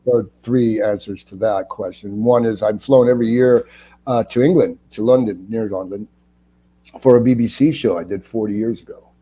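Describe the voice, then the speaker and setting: A man in his sixties, from Ohio, chatting as an interview guest and telling lively stories in which he acts out other people's lines. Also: lowish voice, normal speed, slightly rough. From Ohio, United States. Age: 60s. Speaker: actor, guest. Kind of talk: casual interview storytelling.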